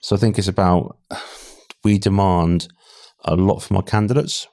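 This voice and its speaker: A man's voice: deep voice, fairly even intonation, moderate pace, creaky, dark tone, dry recording, studio quality. A British man speaking candidly as a guest in a casual podcast interview, with frequent restarts. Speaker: podcast guest, talent acquisition head.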